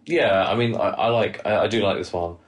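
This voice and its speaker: A young man co-hosting a podcast, giving measured opinions in a hesitant way and often repeating his words. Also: fairly low pitch. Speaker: podcast co-host. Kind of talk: casual chat.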